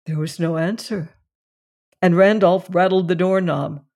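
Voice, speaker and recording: A narrator reading a classic mystery tale aloud, slow and unhurried. The delivery is measured and deliberate, with a pitch that sits in the middle of the range. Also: steady tone, a little mellow.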